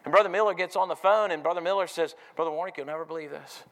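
A man's voice: on the high side, racing, fairly bright tone. Preaching man, asking "amen?". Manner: storytelling with repeated "I said", calls of "amen?" to the congregation. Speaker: pastor. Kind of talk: sermon.

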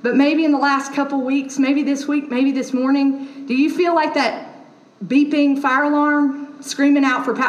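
A woman's voice: high voice, little pitch movement, normal speed, echoey room. A woman pastor giving a conversational sermon, telling everyday stories with many fillers. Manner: chatty storytelling with many fillers.

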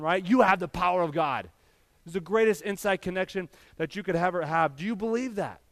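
A man's voice: high-pitched, no echo, clean studio sound. A man in his thirties preaching a sermon as pastor, speaking earnestly and building to emphatic passages as he addresses the church directly.

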